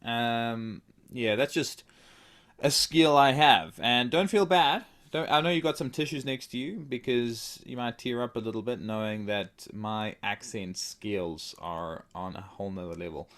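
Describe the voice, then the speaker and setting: A man's voice: mid-range voice, unhurried, a bit bright. A man co-hosting a podcast in playful, improvised banter, joking and teasing with plenty of fillers. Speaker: podcast co-host.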